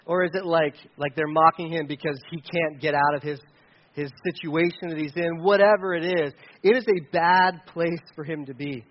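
A man preaching a sermon in an earnest, conversational way, with many restarts and asides, rising to loud pleading and dropping to quiet remarks. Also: a little high, steady tone, moderate pace. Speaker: pastor. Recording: dull lo-fi sound.

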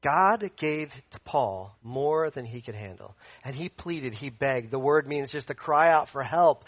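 A man's voice: mid-range voice, a little slow, few pauses, dry recording, muffled recording. A man preaching a sermon in a casual, conversational way, pacing as he talks. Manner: conversational, animated, paces while preaching.

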